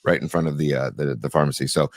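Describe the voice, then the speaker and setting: A man from San Francisco co-hosting a casual sports podcast, relaxed, reading viewer messages and stat lines. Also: a bass voice, quick pace, no room sound, studio quality. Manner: laid-back, reads chat messages and stat lines. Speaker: podcast co-host.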